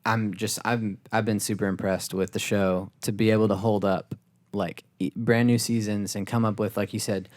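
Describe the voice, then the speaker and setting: A man's voice: lowish voice, flat delivery, normal speed, dry recording. A man co-hosting a podcast who leads the chat and asks the others questions. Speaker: podcast co-host. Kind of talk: casual chat.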